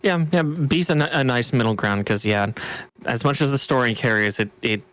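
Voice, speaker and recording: A man's voice: medium pitch, normal speed, fairly bright tone. A man hosting a casual gaming podcast, laughing often and swearing offhandedly as he chats. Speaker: podcast host.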